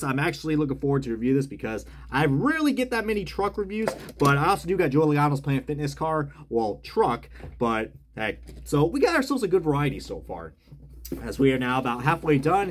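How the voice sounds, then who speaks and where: Animated guy chatting through an unboxing. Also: mid-range voice, slight background noise. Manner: chatty, rambling, often corrects himself mid-sentence. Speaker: die-cast collector and reviewer. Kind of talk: casual unboxing review.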